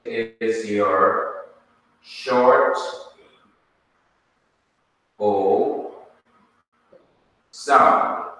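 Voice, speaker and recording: A man teaching a Hebrew class, explaining slowly and step by step. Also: on the low side, fairly bright tone. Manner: slow, explains step by step, spells things out. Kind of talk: classroom lesson. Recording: echoey hall, speaker far from mic.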